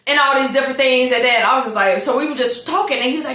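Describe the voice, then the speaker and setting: Woman, casual storytelling, bright forceful voice, echoey room. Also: sits high, racing, hardly any pauses. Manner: chatty, animated, addresses listeners as y'all. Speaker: host telling a personal story.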